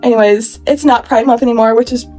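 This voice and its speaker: A woman's voice: fairly high pitch, steady tone, fast, dark tone, faint music behind. Bubbly young woman gushing over toys. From California. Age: 20s. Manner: bubbly, gushing, chatty with many "like"s. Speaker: YouTuber reviewing toys. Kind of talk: casual haul vlog.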